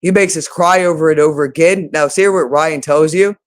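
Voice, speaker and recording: Man, somewhat high-pitched voice, agitated rambling monologue, accusatory, repeats phrases over and over. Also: fairly even intonation, brisk, clear, resonant tone.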